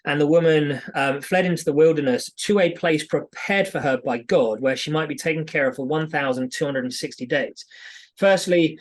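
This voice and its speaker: A man's voice: on the high side, moderate pace. A British man co-hosting a podcast, chatting through Bible passages eagerly with frequent fillers. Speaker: podcast co-host. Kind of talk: casual Bible study chat.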